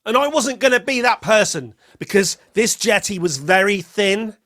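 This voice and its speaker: A man's voice: high-pitched, expressive, moderate pace, fairly bright tone, no echo, studio quality. A man hosting a solo podcast, telling rambling wry stories and acting out quotes. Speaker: podcast host.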